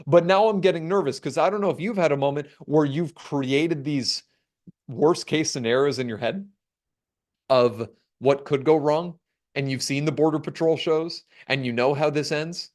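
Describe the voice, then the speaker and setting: A male keynote speaker with a slightly high voice, telling a story with lively energy. He acts out the dialogue and uses dramatic pauses, all in a storytelling webinar talk.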